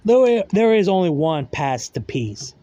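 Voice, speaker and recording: A man voicing a smug male killer robot AI as he retells a fan story, in a low, flat tone. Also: a little slow, no echo, highs cut off.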